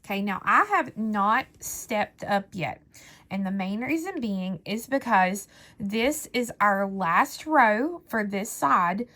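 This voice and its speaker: A woman teaching a beadwork technique step by step, speaking slowly and patiently. Her voice sits in an ordinary middle register, and she counts beads aloud methodically as she works at a craft table indoors. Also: mid-range voice, fairly bright tone. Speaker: beading instructor.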